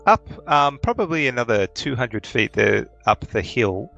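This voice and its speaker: A man's voice: mid-range voice, lively intonation, unhurried, creaky, sharp tone, lo-fi sound, soft background music. A man narrating as game master of a tabletop game. He hesitates often and fills his speech with ums and uhs.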